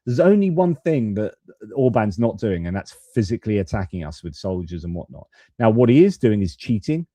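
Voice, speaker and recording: A man's voice: fairly low pitch, very animated, fairly quick, warm tone, no room sound. A man hosting a live stream of off-the-cuff political commentary, with loose talk and restarts. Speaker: host.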